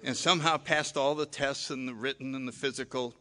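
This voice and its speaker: Older guy, bright forceful voice, telling his drinking story, acts out what he said back then, pokes fun at himself. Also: medium pitch, brisk. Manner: animated, self-mocking, acts out his own past lines. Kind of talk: personal storytelling talk.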